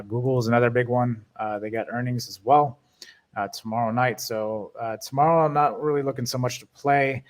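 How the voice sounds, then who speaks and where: A man hosting a stock market video, giving casual commentary on the week's picks with many fillers and hedges. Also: mid-range voice. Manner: many fillers and restarts, hedging predictions.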